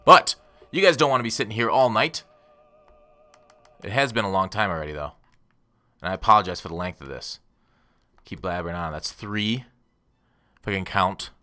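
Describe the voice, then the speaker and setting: A man's voice: on the low side, lively intonation, moderate pace, long pauses, pushed and bright, faint music behind. A man giving rambling, casual commentary on his gameplay and talking straight to his viewers. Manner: rambling, self-deprecating, talks to viewers. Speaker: gaming YouTuber.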